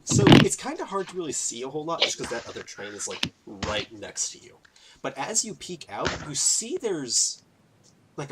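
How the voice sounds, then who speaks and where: A man's voice: mid-range voice, fairly bright tone, slight background noise, rough recording. A man narrating as game master, casual and full of fillers.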